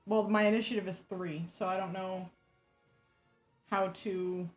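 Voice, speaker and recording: A woman's voice: medium pitch, fairly even intonation, measured pace, soft background music. A woman playing a tabletop game, casual and blunt, with frequent giggles. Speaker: player.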